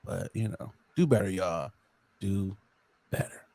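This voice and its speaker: A man co-hosting a podcast, telling stories in an animated, incredulous casual chat. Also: low-pitched, a little slow. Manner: animated, incredulous storytelling with laughs. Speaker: podcast co-host.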